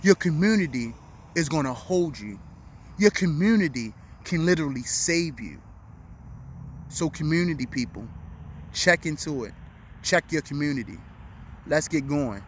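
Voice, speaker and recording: A man's voice: fairly high pitch, lively intonation, measured pace, long pauses, a little hiss or hum. A middle-aged man recording a heartfelt motivational talk outdoors at dusk, speaking earnestly and emotionally and repeating his key phrases. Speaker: vlog host. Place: outdoors at dusk, urban street.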